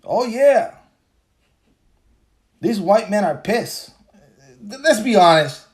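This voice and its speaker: Podcast host, male, slow talker with a slightly high voice, loose and profane, repeats points. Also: animated. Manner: profane, repetitive, laughs while talking. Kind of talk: casual livestream rant.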